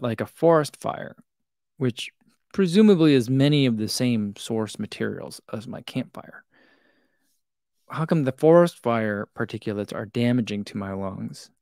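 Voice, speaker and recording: A man chats loosely as a running channel host, rambling and poking fun at himself between fillers. His voice sits at an ordinary middle pitch. The sound is dry and close, with no room echo. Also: a little slow, creaky, a little mellow. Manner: rambling, self-deprecating, many fillers. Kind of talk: casual chat reading live comments.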